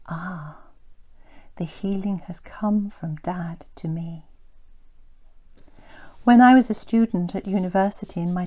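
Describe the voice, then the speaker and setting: Soft-spoken woman narrating her memoir. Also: on the low side, highs cut off. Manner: soft, slow and reflective, often sinking to a breathy near-whisper. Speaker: author reading her memoir.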